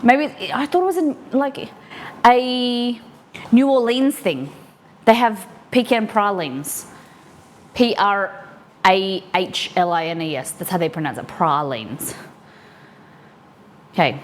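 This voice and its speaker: A woman's voice: medium pitch, lively intonation, measured pace. Chatty woman cooking live for chat. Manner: chatty, answers chat while cooking and reading a recipe aloud. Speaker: live-stream cooking host. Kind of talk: casual live-stream chat. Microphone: streaming mic.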